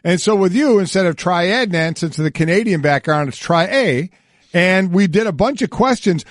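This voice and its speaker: Middle-aged male sports radio co-host, bright and lively pitch, stammering incredulous delivery, dry booth sound. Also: normal speed, no echo. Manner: animated, stammering repeats, incredulous questions. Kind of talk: casual sports talk. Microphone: studio mic.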